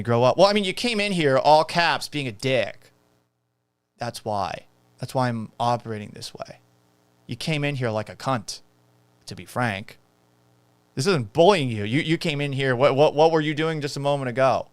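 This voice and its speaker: A man's voice: medium pitch, clear, resonant tone, dry recording. A man hosting a live-stream sports talk show, answering viewer comments in a brash, sarcastic and profane way, sometimes slipping into sing-song teasing. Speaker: sports talk podcast host.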